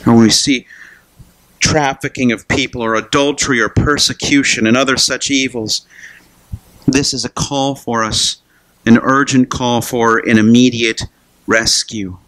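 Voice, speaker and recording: A man's voice: medium pitch, steady tone, unhurried, a bit bright. A man preaching a sermon in a loose, conversational way, repeating and restarting words and calling the listeners "guys". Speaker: pastor. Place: church.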